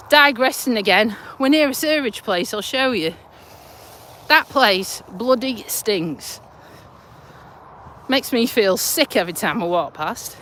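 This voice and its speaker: Lively high-voiced Yorkshire-accented woman. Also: slight background noise. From Lincolnshire, England. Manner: blunt, chatty, mild swearing. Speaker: vlogger. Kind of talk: casual walking vlog. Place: outdoors walking a dog by a road.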